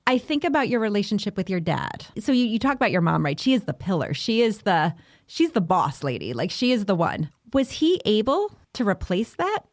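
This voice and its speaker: A woman hosting a podcast interview, speaking in a reflective, measured and affirming way. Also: medium pitch, very animated, dry recording, studio quality. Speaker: podcast host. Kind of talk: interview conversation.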